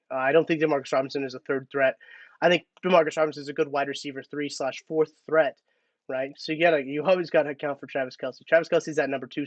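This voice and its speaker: A man's voice: on the high side, no echo, dull audio. A man hosting a casual live-stream sports talk, chatty and thinking aloud with restarts. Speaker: podcast host.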